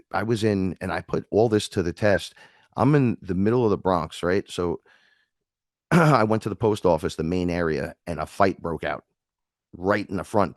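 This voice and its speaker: A deep-voiced man speaks at a moderate pace as a guest, telling rambling, emphatic spiritual stories with animated energy and performing the voices of the people in them. The studio sound is clean, with no echo.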